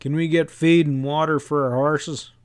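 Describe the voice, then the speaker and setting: A male narrator voicing Pat, a steady, level-headed cowboy gunman who talks firmly and tersely. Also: a little high, moderate pace, clean tone, close to an everyday voice.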